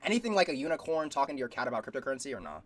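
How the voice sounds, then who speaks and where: A man's voice: mid-range voice, big pitch swings, rapid-fire, a little hiss or hum. A young man casually rambling through a reaction video, slangy and full of fillers.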